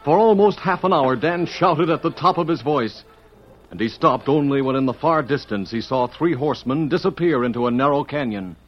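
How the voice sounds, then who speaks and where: A male narrator giving measured, dramatic scripted narration for a radio drama. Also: mid-range voice, soft background music. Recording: dull old radio recording.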